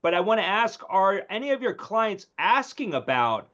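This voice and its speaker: A man's voice: high-pitched, very animated, moderate pace, sharp tone, dull audio. A man co-hosting a finance talk show, easygoing as he asks questions and wraps up. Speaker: co-host.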